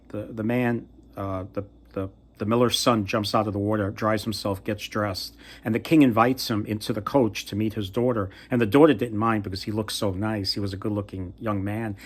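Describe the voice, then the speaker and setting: A man casually retelling a fairy tale from memory, halting and often trailing off to restart. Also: lowish voice. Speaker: storyteller.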